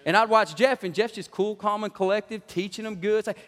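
A male pastor preaching a lively, joking sermon with frequent laughs, recorded in a church. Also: high-pitched, normal speed, long pauses. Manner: animated, joking, laughs often. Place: church sanctuary. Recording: long church hall reverb.

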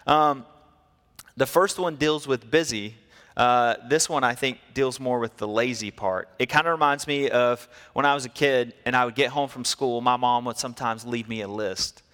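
A man preaching a sermon, telling stories in a lively way and acting out the people in them. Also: medium pitch, moderate pace, in a large hall. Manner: storytelling, animated, acts out quotes. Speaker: pastor.

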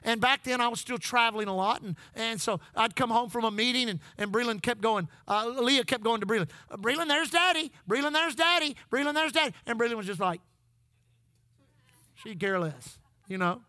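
A man's voice: high voice, moderate pace, pushed and bright, dry recording. A middle-aged man preaching a sermon, telling folksy stories and calling out to the congregation. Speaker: pastor.

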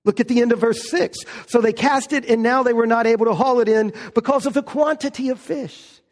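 A man preaching a sermon as pastor, stressing key words slowly and with emphasis. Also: very high-pitched, long reverb tail.

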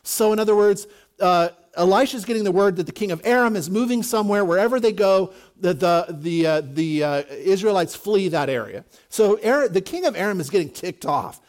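A man's voice: high-pitched, animated, fairly quick, darkish tone. A male pastor giving a conversational sermon, with jokey asides and frequent restarts.

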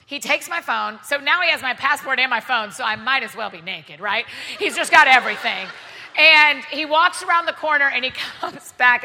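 Bright, animated Southern woman speaker. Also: sits high, fairly quick. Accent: American Southern. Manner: animated, self-deprecating, laughs often. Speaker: guest speaker. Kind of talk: storytelling sermon to a live audience. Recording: long reverb of a large hall.

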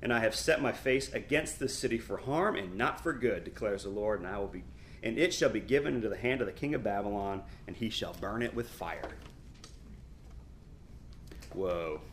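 A middle-aged man teaching a Bible lesson, reading scripture aloud with emphatic, animated delivery and quick asides. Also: lowish voice, slight background noise.

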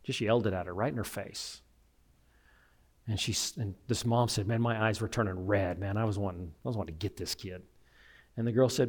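A man preaching a sermon, animated, acting out the voices of people he quotes. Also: lowish voice, a little fast. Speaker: pastor.

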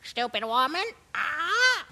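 A man voicing a foul-mouthed pet parrot with shrill squawking cries in a sermon joke. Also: big pitch swings, takes it slowly, sharp tone, full character voice. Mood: cursing.

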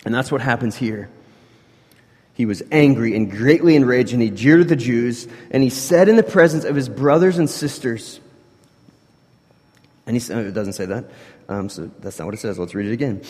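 Guy pastor preaching casual-style, drops quiet then gets loud and emphatic, big echoey church hall. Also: medium pitch, moderate pace, pauses often, husky. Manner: conversational, swings between soft asides and loud emphatic bursts. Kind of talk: sermon. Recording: long hall reverb.

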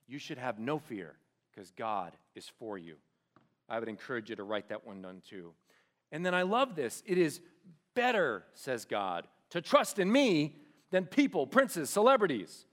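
A man preaching to a group of students, reading scripture aloud and talking to them directly with animated, shifting delivery that drops to quiet emphasis. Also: mid-range voice. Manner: asks the audience questions directly. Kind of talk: sermon.

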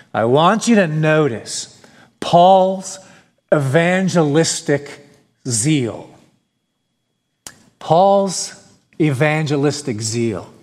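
A male pastor preaching a sermon, earnest and emphatic, asking rhetorical questions. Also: fairly high pitch. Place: church sanctuary. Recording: long reverb of a church hall.

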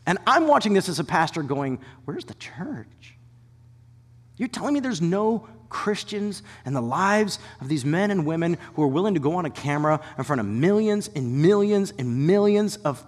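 A man preaching a sermon as a pastor, shifting between animated storytelling and hushed, whispered emphasis. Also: on the high side, big-room sound. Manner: animated storytelling with quick asides.

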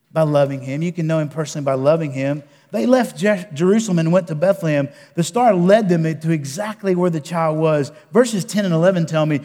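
A man preaching a sermon as a pastor, earnest and repetitive, often dropping to a quiet voice for emphasis. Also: a little high. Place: church sanctuary. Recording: long church reverb.

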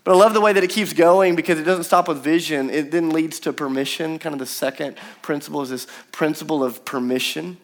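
A young man delivers a sermon with a fairly high voice. He preaches in a chatty, animated way and slips into the voices of the people in his story. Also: brisk, few pauses. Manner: animated, conversational preaching with acted-out quotes. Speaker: pastor.

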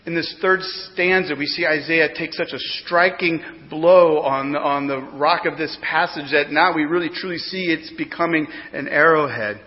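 A man preaching a sermon as pastor, emphatic, swinging between loud declarations and hushed explanation. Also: a little high, moderate pace, hardly any pauses. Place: church sanctuary. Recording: dull lo-fi sound with long hall reverb.

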